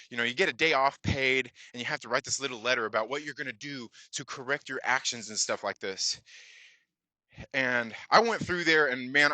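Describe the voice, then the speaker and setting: Man, casual storytelling, very bright tense voice, dry close sound, lots of fillers. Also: mid-range voice, no echo. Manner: rambling, many fillers, acts out dialogue. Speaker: channel host.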